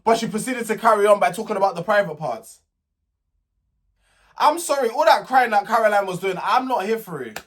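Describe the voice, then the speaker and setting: A young man with a high, light voice rants through a casual reality TV recap. He is sassy and indignant, often stumbling over and repeating his words as he goes. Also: animated, brisk, a bit bright. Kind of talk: casual vlog commentary.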